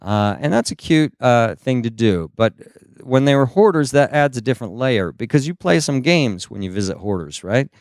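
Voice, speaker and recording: A man's voice: mid-range voice, expressive, normal speed, darkish tone, dry recording, clean studio sound. A male stand-up comedian telling rambling, self-deprecating stories with lots of "uh" asides. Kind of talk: stand-up storytelling.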